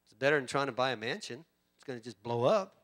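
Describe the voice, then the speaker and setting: A man preaching a sermon, swinging from loud emphatic bursts to hushed storytelling. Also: mid-range voice, animated, fast. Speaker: pastor.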